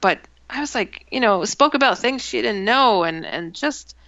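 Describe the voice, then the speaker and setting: Author guest from Milwaukee, animated storyteller, gravelly edge, dull dry audio. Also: female voice, fairly high pitch, moderate pace. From Milwaukee, USA. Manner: animated, acts out dialogue in the story. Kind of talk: interview storytelling.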